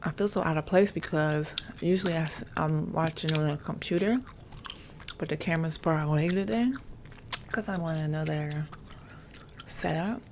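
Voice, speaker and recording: Lady chewing gum and rambling in a low-ish voice, some whispering, hissy noisy recording. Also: moderate pace. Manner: chatty, rambling, chewing gum while talking; drifts into whispers at times. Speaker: ASMR creator. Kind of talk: late-night soft-spoken ASMR chat. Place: home setup, camera placed far away.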